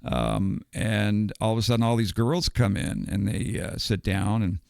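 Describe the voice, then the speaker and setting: A little slow and steady in tone, an older US man with a fairly low, slightly mellow voice and some vocal fry rambles through a long story on a podcast, chuckling along the way. The clean studio recording has no echo.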